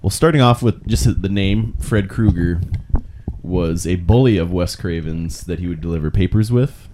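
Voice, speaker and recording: A man on a podcast, casually sharing behind-the-scenes facts in a relaxed way. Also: low-pitched, normal speed, slight background noise. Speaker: podcast co-host. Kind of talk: casual chat sharing trivia.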